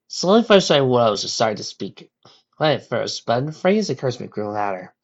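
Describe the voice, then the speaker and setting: A reader narrating a fan story, lively with occasional slips, in a muffled lo-fi recording. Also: medium pitch, fairly quick.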